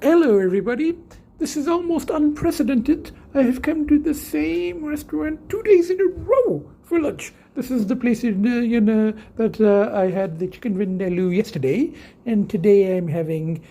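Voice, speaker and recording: A man's voice: extremely high pitch, normal speed, vocal fry, mellow. An older man chatting casually in a vlog, rambling with lots of fillers and restarts, talking from inside his car. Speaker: vlogger. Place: inside a car at a tire shop.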